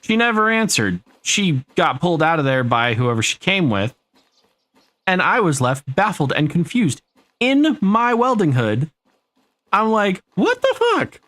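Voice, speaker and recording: A man's voice: fairly high pitch, sing-song, measured pace, fairly bright tone. An American man chatting casually on a live stream while playing a game, rambling through an anecdote and swearing freely. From United States.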